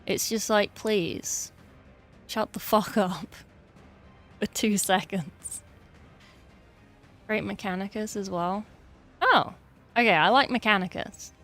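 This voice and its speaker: A woman's voice: medium pitch, takes it slowly, long pauses, a bit bright, soft background music. Chatty, sweary English woman streamer. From England. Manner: chatty, swears freely, exasperated asides. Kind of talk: casual livestream chat.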